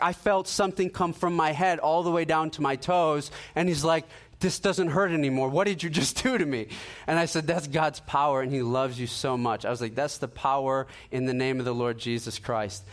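A man's voice: medium pitch, moderate pace. A man preaching a sermon in an earnest, conversational way, acting out the dialogue in his personal stories. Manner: animated storytelling, acting out dialogue.

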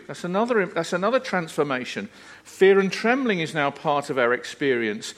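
Earnest preacher with a lightly raised pitch. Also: male voice, very animated, moderate pace, fairly bright tone. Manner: earnest and emphatic, with rising and falling intensity and repeated phrases. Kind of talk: sermon.

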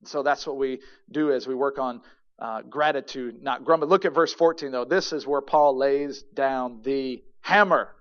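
A male pastor preaching a sermon to his congregation, emphatic, swinging from loud declarations to quiet murmurs. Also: mid-range voice, moderate pace, muffled recording. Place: church sanctuary.

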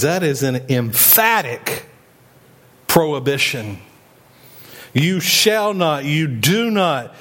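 Folksy preacher, fairly high voice. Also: male voice. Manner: folksy, emphatic preaching with rising and falling delivery. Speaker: pastor. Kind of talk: sermon.

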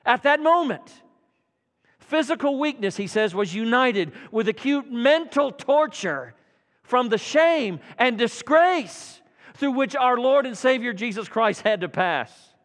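Man, preacher, evening sermon, high voice, loud-to-hushed swings, long hall reverb. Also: animated, unhurried. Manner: dramatic swings from loud fervor to hushed tones. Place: church sanctuary.

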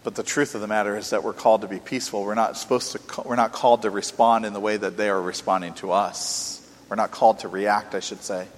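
A man preaching a sermon earnestly, asking rhetorical questions and swinging between soft and emphatic delivery. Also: on the low side, fairly even intonation, quick pace, slight background noise. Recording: long reverb from a hall.

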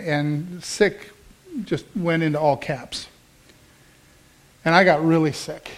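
A middle-aged man preaching from the pulpit, with a voice that sits a little high for a man. He tells his sermon as a personal story and slips into the voices of the people he quotes. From American Midwest. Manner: storytelling, acts out quoted dialogue, conversational. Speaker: pastor.

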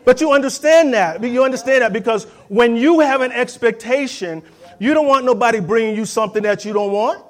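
A man's voice: very high-pitched, fairly quick. A man preaching a sermon, emphatic and conversational, calling on the congregation to respond and acting out quoted voices. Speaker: pastor.

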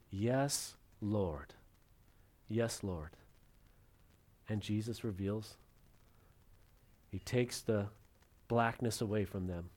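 Dramatic preacher swinging loud to hushed. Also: male voice, lowish voice. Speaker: pastor. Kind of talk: sermon.

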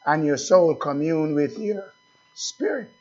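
A man preaching a sermon as pastor, speaking slowly and asking the congregation questions again and again. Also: a little high, a little mellow, highs cut off.

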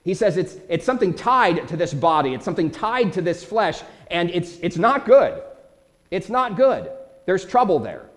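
Male preacher, middle-aged, slightly high voice, lively swooping intonation, emphatic repetition. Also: normal speed. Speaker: pastor. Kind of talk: sermon.

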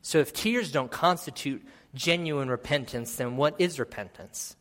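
A man's voice: fairly high pitch, unhurried, a bit bright. A man preaching a sermon, earnest and exhorting, reading scripture aloud. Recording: long hall reverb.

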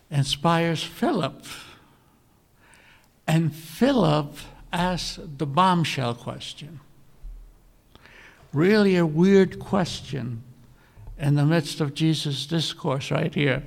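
A male preacher giving a sermon, telling a scripture story earnestly and often clearing his throat. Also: on the high side, extremely slow, pauses often. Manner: earnest storytelling, animated when quoting scripture.

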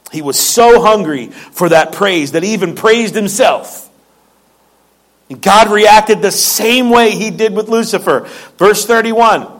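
Man, pastor; high voice, casual sermon delivery. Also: unhurried. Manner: conversational, joking asides, repeats words.

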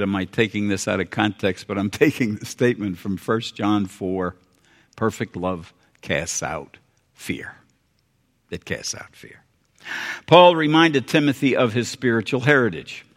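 An older American man preaching a sermon, earnest and folksy, repeating phrases and dropping suddenly quiet for emphasis. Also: fairly low pitch. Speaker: pastor. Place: church sanctuary. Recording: long hall reverb.

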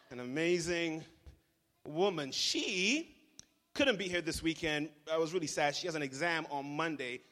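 A young man preaching a lively, joking sermon to a congregation, leading call-and-response. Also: fairly high pitch. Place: church hall. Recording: reverberant hall.

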